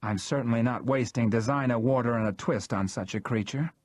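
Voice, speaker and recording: A man's voice: mid-range voice, fairly quick, no echo, natural voice. A male narrator voicing a haughty, theatrical man who speaks imperiously with camp sarcasm. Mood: pompous.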